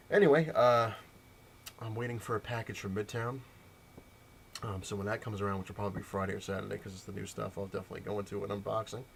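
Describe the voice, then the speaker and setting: A man ranting in a casual vlog, telling a story with heated, animated mimicked dialogue. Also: lowish voice, fast, gravelly, slight background noise. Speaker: comic collector vlogger.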